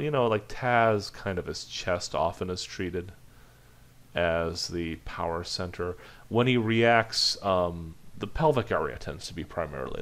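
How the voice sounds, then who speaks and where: A man teaching an animation lesson, chatting loosely and thinking aloud while he demonstrates drawing. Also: sits low. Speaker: animation instructor.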